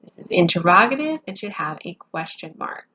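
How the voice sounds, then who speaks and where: A woman's voice: lowish voice, sing-song, moderate pace, bright, forceful tone, husky, dull audio. A woman teaching a grammar lesson, patiently explaining each point step by step with examples, sounding sleepy. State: sleepy, yawning.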